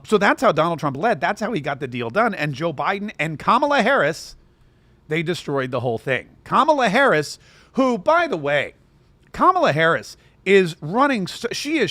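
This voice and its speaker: Sarcastic guy ranting about politics, higher voice, dry close sound. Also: a bit bright, no room sound. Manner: sarcastic, rambling asides. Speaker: political commentary host. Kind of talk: opinionated political commentary.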